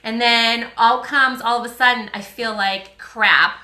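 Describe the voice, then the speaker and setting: A woman with a Boston accent chats upbeat through a live stream, answering viewer comments. Her voice is strikingly bright and somewhat high. The room gives it a noticeable echo, and she fills her pauses with ums. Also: fairly even intonation. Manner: chatty and upbeat, frequent ums. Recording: roomy echo.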